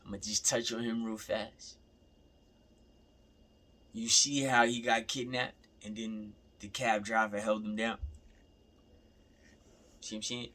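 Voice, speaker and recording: A man's voice: fairly low pitch, steady tone, slow pace, pauses often, pushed and bright. A young man in a casual, rambling rant, repeating himself and swearing freely. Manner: rambling, repeats himself, profane, laughing asides.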